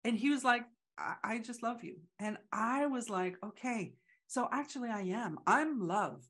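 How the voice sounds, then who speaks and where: Woman chatting, halting, lots of restarts and little acted-out quotes. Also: a little high, fairly bright tone. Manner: halting, many restarts and fillers, acts out quoted voices. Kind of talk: casual reflective conversation.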